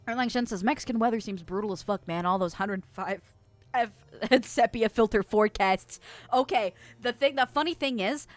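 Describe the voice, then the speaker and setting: A woman's voice: medium pitch, no echo. A woman streamer in casual chat, reading chat messages aloud with lots of laughter and self-mocking jokes.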